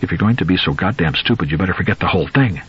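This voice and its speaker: A man's voice: sits low, expressive, very fast, breathy edge, lo-fi sound, heavily acted. A man voicing a panicked father muttering to himself. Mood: tense.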